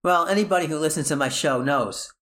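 A man's voice: fairly high pitch, a little fast, a bit bright. A podcast host with a New York accent, chatting casually, rambling and joking as he keeps correcting himself. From New Jersey, US.

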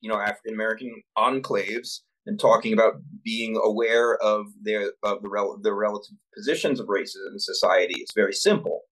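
A man co-hosting a casual podcast discussion, talking in a measured, analytical way and searching for his words. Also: fairly low pitch, fairly bright tone, poor audio. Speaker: podcast co-host.

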